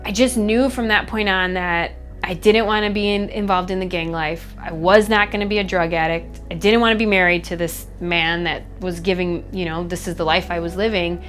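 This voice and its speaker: Candid young woman with a low voice. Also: steady tone, fairly bright tone. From Chicago, USA. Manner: candid, reflective, halting with frequent fillers. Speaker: MMA fighter. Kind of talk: documentary interview, personal story. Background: faint background music.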